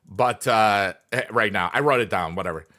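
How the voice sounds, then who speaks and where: A man's voice: on the low side, normal speed, pushed and bright. A man in casual livestream chat, rambling with lots of fillers and reading chat messages aloud. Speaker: livestreamer, former teacher.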